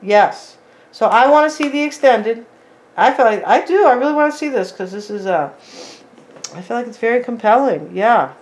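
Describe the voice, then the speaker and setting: A woman with a somewhat high voice talks her viewers through a tarot spread. Her delivery is loose and chatty, full of "like" and "right?", and she speaks to the audience directly as "you guys.". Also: animated, moderate pace, a little hiss or hum. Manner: chatty, tags lines with "right?" and "like". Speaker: tarot reader. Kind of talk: casual tarot reading to viewers.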